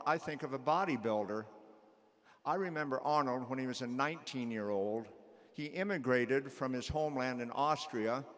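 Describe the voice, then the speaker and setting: Middle-aged male teacher at a graduation podium, measured storytelling, mid-range voice ringing through a big hall. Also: medium pitch, a bit bright. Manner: measured storytelling with repeated refrain. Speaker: teacher giving a commencement speech. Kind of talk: commencement speech storytelling. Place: graduation ceremony in a large hall.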